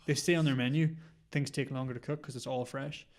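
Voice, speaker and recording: Young male podcast co-host, mid-pitched, eager and chatty storyteller. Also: fairly even intonation, fairly quick. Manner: enthusiastic storyteller, lots of "like" fillers. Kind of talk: casual chat.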